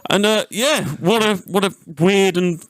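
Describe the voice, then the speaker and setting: A man's voice: high-pitched, unhurried, no echo. A young man, telling a rowdy, swear-filled story as a podcast host. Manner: sweary, animated anecdote-telling. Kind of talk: casual storytelling chat.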